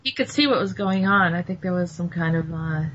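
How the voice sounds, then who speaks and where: Lady host chatting, kinda hesitant, lowish voice, muffled recording. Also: animated, fairly quick, fairly bright tone, husky. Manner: hesitant, searching for words. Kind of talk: casual chat. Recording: dull lo-fi recording.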